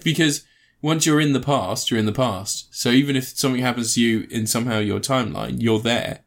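A man talks through a film he enjoyed in loose, rambling podcast chat. His voice sits in a middle pitch, and he swears freely as he gets animated retelling scenes. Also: fairly quick, creaky.

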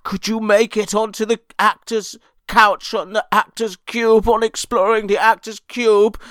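A man's voice: high voice, level tone, a little slow, fairly bright tone, no echo. A man playing a bumbling, rambling old character actor being interviewed in a comedy sketch. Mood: flustered. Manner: doddering, rambling, stammering. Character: bumbling elderly male character actor Grumpy.

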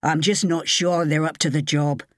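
A woman voicing a gruff, barking older Scottish male head gardener with a Scottish accent, in an audiobook. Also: low voice, moderate pace, no echo, studio quality, natural voice.

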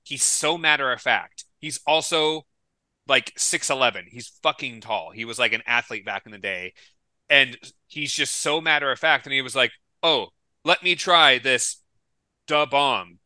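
Bright-voiced man telling rambling stories. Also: mid-range voice, normal speed, dry recording, poor audio. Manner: rambling storyteller with restarts. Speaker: podcast co-host. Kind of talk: casual chat.

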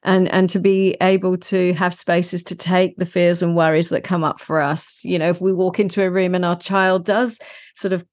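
Woman podcast host, low pitch, earnest and affirming, conversational. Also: level tone, normal speed. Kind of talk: casual conversation.

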